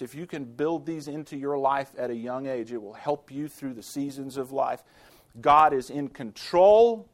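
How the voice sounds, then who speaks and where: A man preaching a sermon to students, telling stories and rising to emphatic exclamations. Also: medium pitch.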